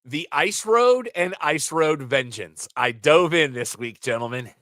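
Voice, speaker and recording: A man co-hosts a casual podcast and works through movie plots in a rambling, animated way. His pitch swings widely as he talks. The sound is dry and close, with no room around it. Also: a little slow, no echo. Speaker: podcast co-host.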